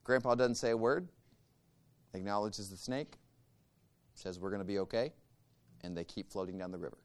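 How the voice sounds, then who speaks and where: A man teaching a church group a guided meditation practice, calm and measured, giving step-by-step instructions. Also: fairly low pitch, clean tone.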